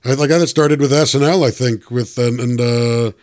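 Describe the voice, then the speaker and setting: A man's voice: medium pitch, fairly even intonation, normal speed, darkish tone. A man, an actor and podcast guest, chatting casually and telling self-deprecating stories with frequent stammers and restarts. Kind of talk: casual chat.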